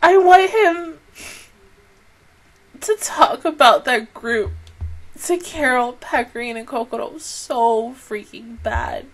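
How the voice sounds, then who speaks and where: A young woman reviewing an anime episode in a casual, emotional way, gushing and laughing through tears, then softer and lower when she calms down. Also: takes it slowly, husky. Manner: gushing, tearful, laughing between words. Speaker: anime reaction YouTuber.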